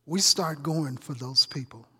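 A man preaching in a church, his fairly high voice husky and a little rough. He keeps it conversational, throwing questions and asides at his congregation. A long reverb hangs behind every word. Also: measured pace, sharp tone. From Chicago. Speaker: pastor. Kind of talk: sermon. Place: church sanctuary.

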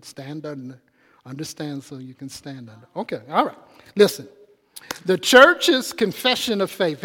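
A man's voice: on the high side, fairly bright tone. A man preaching a sermon in a church, chatty and calling out questions to the congregation. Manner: conversational, calls out to the congregation. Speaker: pastor. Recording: long reverb of a church hall.

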